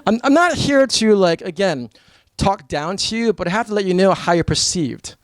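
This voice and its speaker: An American man from New York giving a blunt, energetic talk to a live seminar audience as a motivational speaker. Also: sits high, normal speed, no echo. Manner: energetic, blunt and emphatic, with mock voices.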